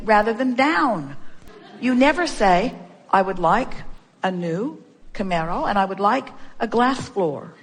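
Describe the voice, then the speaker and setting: A woman giving an inspirational talk to a workshop audience. She speaks as "we", strings together rhetorical questions and repeats key phrases for emphasis. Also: fairly high pitch.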